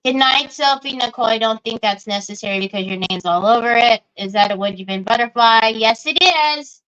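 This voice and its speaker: A woman's voice: a little high, steady tone, fairly quick, fairly bright tone, clean tone. A middle-aged woman, chatting casually and greeting viewers by name while she crafts on a livestream. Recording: dull lo-fi livestream audio.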